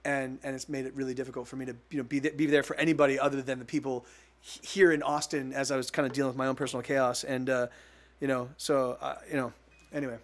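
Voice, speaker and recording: A man musician on a live stream, talking haltingly between songs, choked up and full of restarts. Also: mid-range voice, flat delivery. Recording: guitar music behind.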